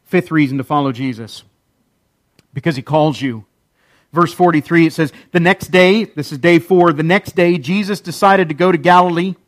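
A man delivers a sermon in a fairly high voice. He hammers his points with repetition and dramatic pauses. The sound is dry and close. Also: no echo. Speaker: pastor.

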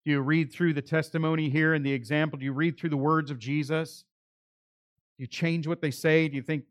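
A man's voice: on the high side, flat delivery, a little fast, dry recording. Earnest preacher man, dry close sound. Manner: earnest, pleading, builds to emphatic calls. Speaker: pastor. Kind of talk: sermon.

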